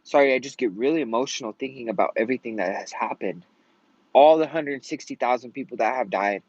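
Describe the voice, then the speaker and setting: A man's voice: medium pitch, a little fast, a little mellow, slightly rough, no echo. A man venting in a casual vlog rant, rambling and swearing often out of frustration. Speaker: vlogger. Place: at home in Colorado. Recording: dull lo-fi sound.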